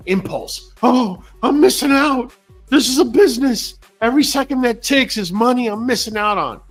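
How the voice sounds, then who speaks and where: A man's voice: medium pitch, bright, forceful tone. A man hosting a casual livestream as a dog breeder, blunt and slangy, talking straight to his viewers.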